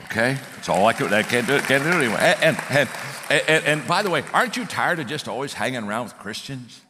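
A man's voice: medium pitch, fast, background noise. A middle-aged man preaching a sermon, telling stories with lots of restarts and repeated words. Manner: animated storytelling with frequent restarts. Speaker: speaker and coaching company owner. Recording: long hall reverb.

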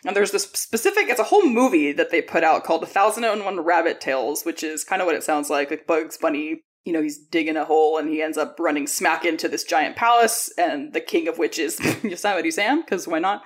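A woman with a slightly low voice, chatting on a podcast. She tells stories loosely and laughs often. English is her second language. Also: a little fast, hardly any pauses. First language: not English. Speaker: podcast co-host. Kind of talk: casual chat.

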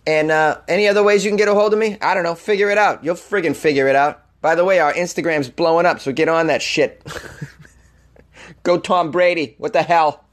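A young man hosts a comedy podcast in a casual, playful way, swearing and poking fun at himself. He speaks with a Boston accent and a fairly high voice. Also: a little fast. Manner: playful, swearing, self-mocking. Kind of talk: casual announcement.

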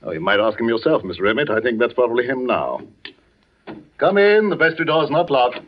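An actor playing an older village vicar and father in a 1940s radio play, earnest and measured with quiet authority. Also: medium pitch, big pitch swings, a little hiss or hum, natural voice. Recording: dull lo-fi old radio recording.

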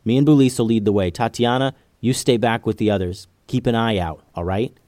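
A man's voice: medium pitch, fairly quick, dark tone, dry recording, clean studio sound, lightly acted. A man voicing a brave young male ninja who leads the group in a children's story, speaking in an urgent, commanding way.

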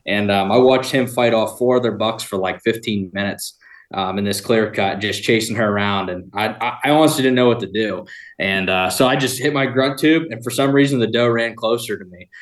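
A man's voice: fairly low pitch, fairly quick. A young man, a podcast guest, telling a long, rambling hunting story in casual talk, often laughing.

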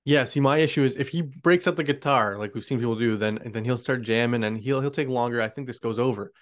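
A man with a mid-range voice who talks quickly, rattling off the numbers before handing the question to his co-host. He hosts a sports betting show in a casual, chatty way. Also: mid-range voice. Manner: brisk, runs through the betting lines. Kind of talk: casual chat.

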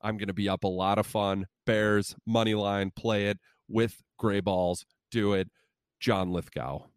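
A man with a lowish voice co-hosts a podcast, chatting in loose, rambling banter full of self-deprecating asides. The sound is dry and close, with no room echo. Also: fairly even intonation, unhurried, smooth. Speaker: podcast co-host.

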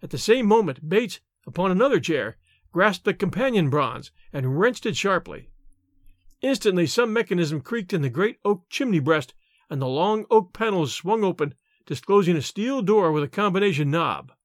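A man narrating a novel aloud in an expressive storytelling manner. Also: high voice, normal speed, no echo, studio quality. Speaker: audiobook narrator. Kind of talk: scripted narration.

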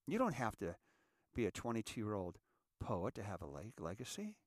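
A man's voice: fairly low pitch, huge pitch swings, normal speed, no room sound, clean studio sound. Emphatic man giving an inspirational talk. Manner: addresses listeners as ladies and gentlemen, repeats phrases for emphasis. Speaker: inspirational speaker.

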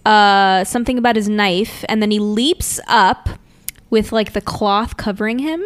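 A woman's voice: medium pitch, unhurried, clear, resonant tone, dry recording. A woman co-hosting a podcast, eagerly jumping in with corrections and laughing often. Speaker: podcast co-host. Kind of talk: casual chat recapping an anime.

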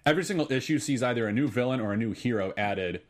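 A man's voice: mid-range voice, expressive, fast talker. A man hosting a podcast, reading out listener messages and chatting casually, with lots of fillers. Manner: rambling, filler-heavy, good-humored.

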